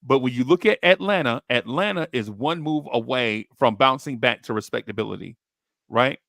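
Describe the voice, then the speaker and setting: A man hosting a basketball podcast, telling stories in slangy, excitable chat and jumping into high voices when he quotes people. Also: normal speed, gravelly, no room sound, studio quality. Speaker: podcast host. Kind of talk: animated storytelling chat.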